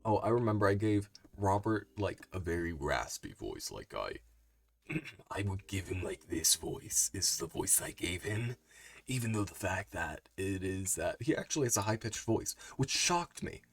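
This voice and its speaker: A man's voice: deep voice, very animated, moderate pace, creaky. A young man streaming a game live, chatty and rambling, with frequent side comments. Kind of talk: live game playthrough, reading aloud.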